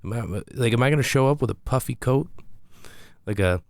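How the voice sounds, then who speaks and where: A man's voice: mid-range voice, lively intonation, fairly quick, gravelly, no room sound, clean studio sound. A man, a comedian, telling a rambling, self-deprecating story in a casual monologue with frequent restarts.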